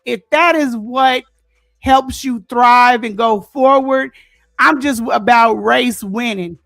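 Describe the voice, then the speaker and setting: A woman in an online debate, earnestly working to get her point across. Her voice is fairly high. The recording is dry, with no room sound. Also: slow pace, creaky, fairly bright tone, dry recording.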